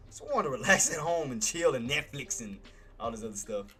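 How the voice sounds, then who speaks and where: With lively intonation, a medium-pitched man speaks a little fast in a pushed, bright tone, faint music behind him. He hosts a live day-trading stream, keeping his market commentary casual and slangy and calling viewers "boss" and "man."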